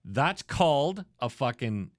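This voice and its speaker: A man co-hosting a movie podcast, retelling scenes with lots of swearing and little acted bits. His pitch swings widely as he talks. The sound is dry and close, with no room echo. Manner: animated, profane, acts out scenes in quick voices. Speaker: podcast co-host. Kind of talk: casual movie review chat.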